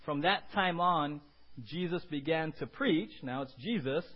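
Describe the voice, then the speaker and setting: A male pastor preaching a sermon, animated, swinging between loud emphasis and quiet low asides. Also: measured pace, dull audio.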